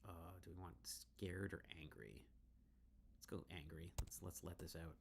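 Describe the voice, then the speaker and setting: A man playing a text adventure, talking himself through his choices in a playful, animated way. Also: sits low, unhurried, gravelly, slight background noise. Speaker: game streamer. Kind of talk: let's play commentary.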